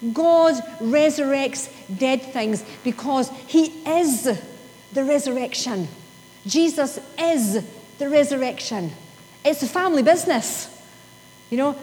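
High-voiced woman preaching in a hall. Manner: emphatic, with sudden drops to soft slow reading. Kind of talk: sermon. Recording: long hall reverb, faint hum.

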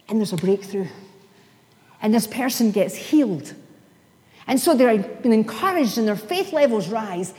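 A high-voiced woman delivers a sermon from the pulpit, pressing her points with impassioned emphasis. Her words ring out with the long reverb of a large church hall. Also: expressive, measured pace, long pauses, a little mellow. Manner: impassioned, rising to emphatic declarations. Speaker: pastor.

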